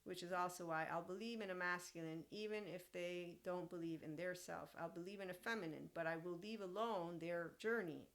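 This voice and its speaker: A woman's voice: on the low side, fairly bright tone. A woman hosting a podcast, talking casually and animatedly, often laughing and acting out quoted lines. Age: young adult. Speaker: podcast host and mentor. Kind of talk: casual monologue.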